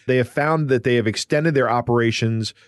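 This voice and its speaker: A man's voice: mid-range voice, brisk, no echo, studio quality. A man co-hosting a podcast, explaining a news story in a casual, conversational way with some restarts. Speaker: podcast co-host.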